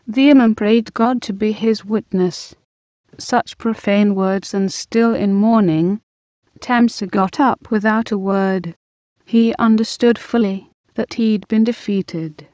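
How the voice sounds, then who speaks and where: A woman reading a novel aloud in a measured, deliberate way. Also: medium pitch, fairly even intonation, dark tone, no echo. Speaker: audiobook reader. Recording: dull lo-fi recording.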